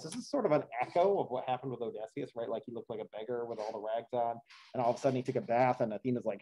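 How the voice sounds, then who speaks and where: A man's voice: medium pitch, fast, mellow, rough recording. A man reading an epic poem aloud as a teacher, breaking off for casual, chatty commentary. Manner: casual, chatty asides with fillers. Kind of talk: read-aloud with classroom commentary.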